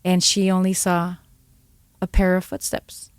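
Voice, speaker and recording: A woman co-hosting a podcast, speaking warmly and emotionally and switching between English and Spanish. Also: on the low side, completely flat delivery, measured pace, smooth, no echo. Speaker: podcast co-host. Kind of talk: casual interview chat.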